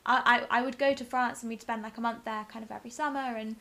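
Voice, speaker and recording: A young woman from England chats in a friendly, agreeable way. Her voice is bright and a little high. She tells her stories in a relaxed, easy manner. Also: fast talker, gravelly. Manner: friendly, agreeable, frequent backchannels. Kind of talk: casual chat.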